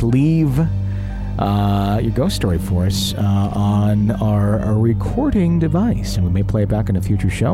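A man's voice: fairly low pitch, gravelly. A man hosting a paranormal call-in radio show, talking in a rambling, chatty, self-deprecating way.

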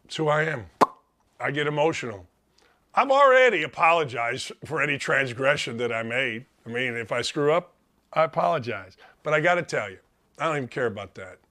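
A man's voice: medium pitch, animated, brisk, pushed and bright. A middle-aged man hosting a sports talk show, pouring out heartfelt, emphatic thanks while tearful. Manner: heartfelt, emphatic, repetitive gratitude. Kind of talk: emotional monologue.

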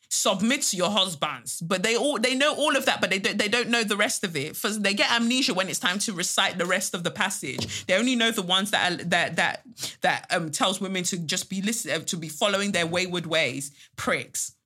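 A woman's voice: mid-range voice, sharp tone. A woman hosting a solo podcast, blunt and scornful, swearing freely as she comments. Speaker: podcast host.

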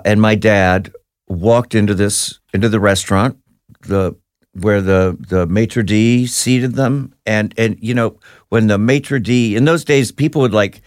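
A man's voice: fairly low pitch, no echo. A man as a guest in a studio interview, telling anecdotes casually with lots of restarts. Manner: rambling anecdotes with many restarts. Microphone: studio microphone.

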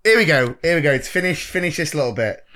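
Jokey middle-aged man with a bright, lively voice. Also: fairly high pitch, fast. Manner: jokey, laughs often, teasing. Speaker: podcast co-host. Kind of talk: casual chat.

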